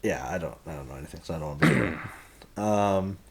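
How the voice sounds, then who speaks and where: Young male podcast co-host, low-ish voice, casual and chuckly, lively pitch. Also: fast, gravelly. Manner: laughs often, animated when quoting characters. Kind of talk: casual chat.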